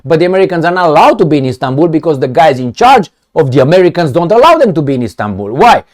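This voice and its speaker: A man delivering a heated, profane commentary rant. His voice sits a bit high and swings widely in pitch as he jabs with sarcastic rhetorical questions. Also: big pitch swings, fast. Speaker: political commentator. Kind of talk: ranting commentary vlog.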